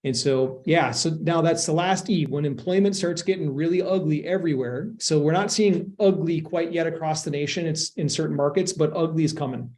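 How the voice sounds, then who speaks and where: A man with a fairly high-pitched voice talks earnestly as a real estate sponsor on a podcast. He explains at length in a conversational way, often restarting his sentences mid-thought. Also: a little mellow. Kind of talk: podcast interview answers.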